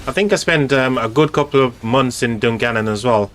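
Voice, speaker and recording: A man's voice: medium pitch, a little fast, a bit bright, slight background noise. A man in the middle of his range rambles casually as he hosts a game live stream. He speaks straight to his chat, filling gaps with ums and repeated words as he spectates the match. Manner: chatty, rambling, talks directly to chat with many fillers.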